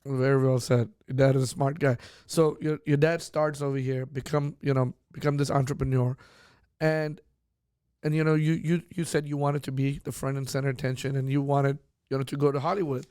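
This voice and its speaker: A man hosting a podcast interview, asking questions in a halting way with many restarts. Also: mid-range voice, little pitch movement, darkish tone, clean tone, no echo, clean studio sound. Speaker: podcast host. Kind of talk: casual interview.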